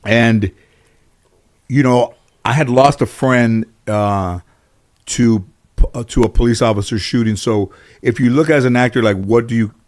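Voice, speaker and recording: Man, interview guest, casual anecdotes, rambling, lots of fillers and restarts, lively storyteller. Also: medium pitch, unhurried. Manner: rambling, many restarts and "you know" fillers; lively storyteller who acts out other people's lines.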